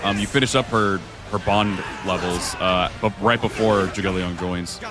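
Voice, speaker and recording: A man's voice: low voice, a little slow. A man casually commentating his own gameplay on a live stream, rambling, swearing and chatting with viewers. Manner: relaxed, rambling, swears freely, talks to chat. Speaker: gaming streamer. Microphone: desk microphone. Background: game music.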